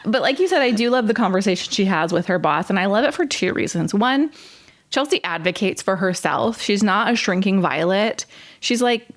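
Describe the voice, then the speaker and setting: A woman's voice: medium pitch, lively intonation, moderate pace. An enthusiastic woman co-hosting a podcast. She chats casually about a TV episode and slips into the characters' lines as she retells them. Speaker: podcast co-host. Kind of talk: casual chat recapping a TV episode.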